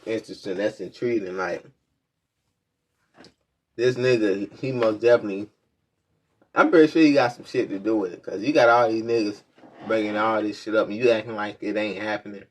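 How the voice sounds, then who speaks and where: A man's voice: on the low side, brisk, pauses often, slight background noise. A man hosting a reaction video, talking bluntly in profane street slang. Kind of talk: casual reaction commentary.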